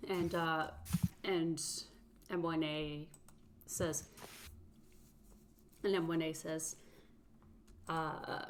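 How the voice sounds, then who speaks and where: A woman's voice: deep voice, level tone, extremely slow, pauses often, a little hiss or hum. A woman playing in a tabletop game, narrating her character's actions with lots of giggles and hesitant fillers.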